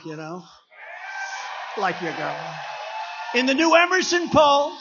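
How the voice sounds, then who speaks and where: A man delivers a meandering, conversational campaign rally speech at a podium microphone, often slipping into acted-out dialogue. His voice sits notably high for a man. The recording is slightly dull and muffled. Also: fairly bright tone. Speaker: political speaker at a rally. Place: rally venue.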